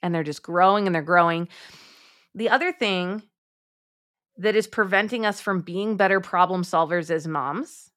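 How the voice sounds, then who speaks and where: A woman's voice: fairly low pitch, moderate pace. A woman, a mom coach, talking as a podcast guest in an emphatic, direct way, acting out the thoughts she quotes. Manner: emphatic, direct, addresses listeners as "my friends"; acts out quoted thoughts in lively voices. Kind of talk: podcast interview.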